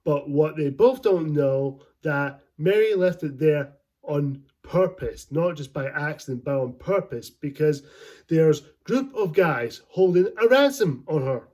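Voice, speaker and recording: A man's voice: fairly high pitch, expressive, measured pace, darkish tone. A man giving a casual movie review, rambling and enthusiastic and laughing often as he talks.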